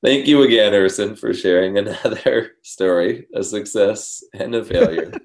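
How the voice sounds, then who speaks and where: Deep gravelly male host. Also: normal speed, a little mellow. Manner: reactive, short interjections, laughs. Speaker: podcast host. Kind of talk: casual interview chat.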